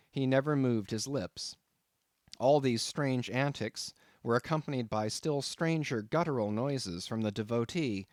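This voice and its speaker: A man's voice: mid-range voice, a little mellow, no room sound, clean studio sound. Man reading a classic novel aloud. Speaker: audiobook narrator. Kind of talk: scripted narration.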